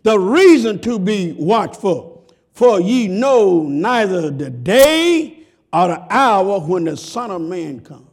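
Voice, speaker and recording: Husky high-pitched preacher man. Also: very animated, slow. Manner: preaching with sudden shouts and drops to a low murmur; acts out quoted voices in a high pitch. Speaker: pastor. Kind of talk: sermon.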